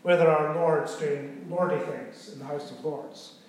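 Guy preaching, chatty teaching style, kinda high voice, lots of room echo. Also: fairly even intonation, unhurried, slight background noise. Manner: conversational teaching, checks in with "okay?". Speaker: pastor. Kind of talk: sermon. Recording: very echoey room.

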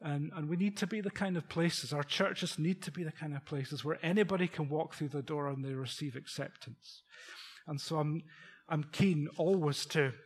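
A man's voice: a little high, moderate pace, breathy edge. A middle-aged man preaching a sermon in a conversational way, posing rhetorical questions to the congregation.

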